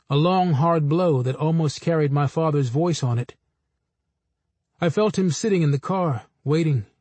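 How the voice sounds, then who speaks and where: A man reading a memoir aloud in a steady, measured storytelling voice. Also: fairly high pitch, dry recording. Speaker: narrator. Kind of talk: audiobook memoir narration.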